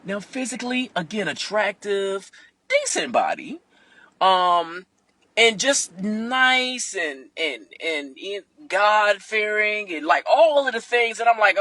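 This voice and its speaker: A man tells a frank, profane story from inside his car, animated and expressive. His voice sits a little high, with a sharp, bright edge and a husky grain. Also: slow pace, no echo. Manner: animated and profane, acts out other people's voices. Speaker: vlogger. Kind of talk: candid storytelling monologue.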